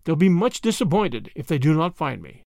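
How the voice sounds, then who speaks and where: Man doing a calm mysterious stranger, courteous, reassuring, dry close storybook voice. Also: a little high, fairly quick, vocal fry, no room sound. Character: polite, mysterious dark stranger, a fugitive.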